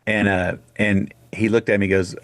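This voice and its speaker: A middle-aged man from Texas telling a personal story in a casual radio interview, animated and full of restarts. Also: fairly low pitch, normal speed, no room sound. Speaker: guest singer.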